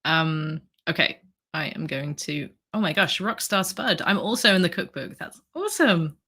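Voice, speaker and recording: Low-voiced woman chatting on a livestream. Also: animated, normal speed, sharp tone, husky. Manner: hesitant, many ums and restarts, reads chat aloud. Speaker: livestream host. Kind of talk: casual livestream chat.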